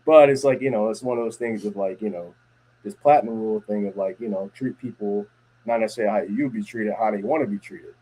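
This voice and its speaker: A man with a low, husky voice hosts a laid-back podcast conversation. He tells stories in a loose, rambling way, circling back with fillers and restarted phrases. The delivery is relaxed and conversational. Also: fast talker, poor audio. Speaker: podcast host. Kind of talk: casual chat.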